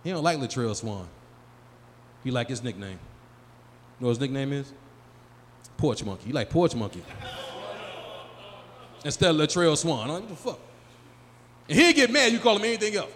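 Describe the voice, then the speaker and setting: A man's voice: on the high side, big pitch swings, moderate pace, long pauses, fairly bright tone. Forties guy doing stand-up, swears a lot, voice jumps all over, live room with reverb and some crowd noise. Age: 40s. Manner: loose, profane, riffing with the crowd. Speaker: stand-up comedian. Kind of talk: stand-up comedy set. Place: live comedy venue.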